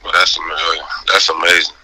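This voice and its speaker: A man's voice: low-pitched, flat delivery, brisk, slightly rough, low-quality recording. A man who is a former football player, a guest in a casual interview, answering with short, laughing affirmations. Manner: warm, laughing, brief affirmations.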